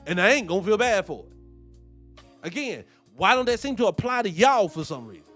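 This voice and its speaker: A man's voice: sits high, big pitch swings, moderate pace, fairly bright tone, faint music behind. A man hosting a commentary show, ranting in a heated, profane, preaching way. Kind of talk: live-stream commentary with viewer shout-outs.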